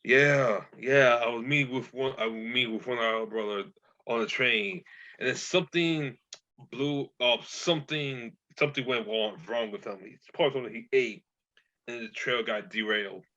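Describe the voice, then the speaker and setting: Bright-toned man rambling in character. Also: medium pitch, normal speed. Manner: rambling, stumbling improv. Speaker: player. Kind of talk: in-character tabletop play. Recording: dull lo-fi audio.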